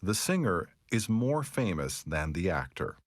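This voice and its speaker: A man reading example sentences from recorded lesson narration in an even manner. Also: deep voice, measured pace, noisy background. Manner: reads example sentences evenly.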